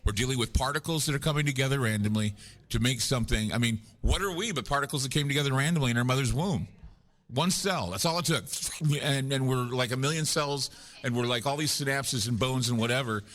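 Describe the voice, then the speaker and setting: Man, conference guest, casual rambling talk, self-deprecating jokes, mid-pitched voice. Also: fast, a bit bright. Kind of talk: casual chat. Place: live at a conference.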